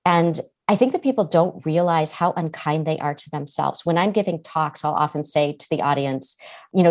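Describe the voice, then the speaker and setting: A woman's voice: deep voice, expressive, moderate pace. A middle-aged woman, a therapist and author, speaking earnestly as a guest in a podcast interview. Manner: earnest, acts out quoted voices.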